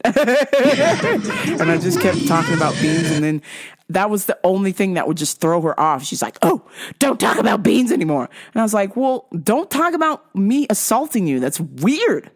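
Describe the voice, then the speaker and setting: A woman's voice: medium pitch, big pitch swings, normal speed. A woman hosting a podcast, casually telling profane stories, acting out other people's lines and laughing at her own jokes. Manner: acts out quoted voices. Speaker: podcast host. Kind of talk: casual storytelling.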